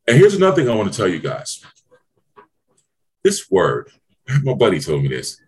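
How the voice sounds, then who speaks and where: A man's voice: wildly swooping pitch, normal speed, pauses often, darkish tone. A man hosting a podcast as a business mentor, preaching in an emphatic, profane way with exclaiming questions. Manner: emphatic, preachy, swears freely, swings to high exclaiming questions. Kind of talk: motivational podcast talk.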